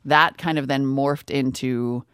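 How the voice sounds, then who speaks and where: A woman's voice: very deep voice, steady tone, a bit bright, smooth, no room sound, clean studio sound. Upbeat chatty woman podcast co-host. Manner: upbeat, chatty, sound effects and quick asides. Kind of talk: casual chat.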